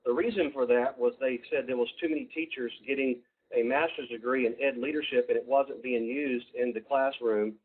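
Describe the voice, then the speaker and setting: A man with a Southern US accent presenting a webinar, folksy and halting with many fillers and restarts. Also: mid-range voice, steady tone, breathy edge. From Georgia, US. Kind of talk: presenting a webinar over slides. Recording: tinny phone-like line.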